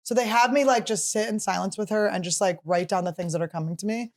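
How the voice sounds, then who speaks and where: A woman's voice: mid-range voice, quick pace. Podcast host, woman in her forties, talkative and loose, mid-range voice, casual and profane. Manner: chatty, animated storyteller, swears casually. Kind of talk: casual chat.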